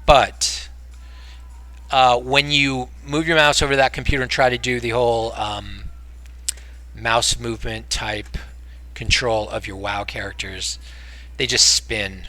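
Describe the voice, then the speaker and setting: Streaming a game, this American man talks casually in a medium-pitched, flat voice, a bit slow and with frequent pauses. His talk rambles, shifting from mumbles to loud bursts of exasperation.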